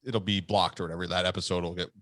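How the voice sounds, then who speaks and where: A man's voice: low voice, fairly even intonation, very fast, a bit bright, no room sound, clean studio sound. A man co-hosting a podcast, telling a story in a rambling way with lots of fillers and swearing. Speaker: podcast co-host. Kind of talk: casual storytelling chat.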